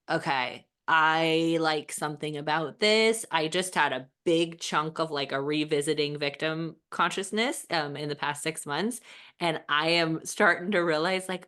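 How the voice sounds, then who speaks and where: A woman's voice: sits low, fairly bright tone, smooth. A woman hosting a podcast over a video call, talking in a casual, reflective way with many fillers. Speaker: podcast host. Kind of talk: casual conversation.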